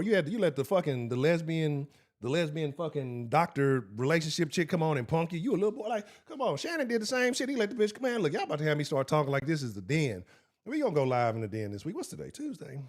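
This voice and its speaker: Animated, profane man hosting a sports stream. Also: medium pitch. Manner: profane, heated and animated, talks to chat directly. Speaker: sports show host. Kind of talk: live-stream sports talk.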